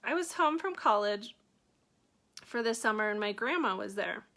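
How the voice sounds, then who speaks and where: A woman reading her own book aloud at a middle pitch. She keeps breaking off for chatty, joking remarks and laughs at her own lines before going back to the page. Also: lively intonation, moderate pace, a bit bright. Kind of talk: reading aloud with offhand asides.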